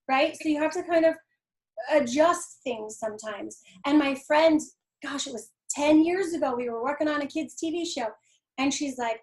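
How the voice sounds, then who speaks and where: A woman's voice: high voice, moderate pace. A woman guest artist talking through her painting classes in an earnest, encouraging way, acting out little quotes as she goes. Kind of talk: conversational interview.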